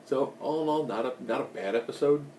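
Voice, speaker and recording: A man's voice: mid-range voice, brisk, dark tone, echoey room, distant mic, slight background noise. A man giving a casual, rambling recap of a TV episode, with joking asides. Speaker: recap host.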